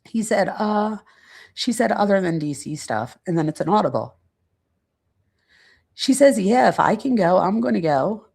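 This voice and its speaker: Gravelly-voiced woman reading transcript quotes. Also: medium pitch, lively intonation, darkish tone. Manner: reads quotes aloud, pausing to search her notes. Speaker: true crime channel host. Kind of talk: casual reading and commentary.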